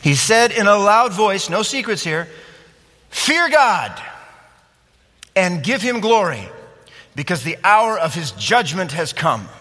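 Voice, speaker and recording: Lively, bright-voiced male preacher, high and expressive, heard in a big echoing hall. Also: normal speed. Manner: animated, acts out scenes and asks the audience questions. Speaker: pastor. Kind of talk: sermon.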